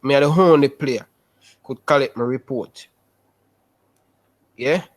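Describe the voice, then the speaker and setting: A young man with a Jamaican Patois accent, telling his life story in a casual interview over a video call, animated and repetitive. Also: mid-range voice, a little slow. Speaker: interview guest.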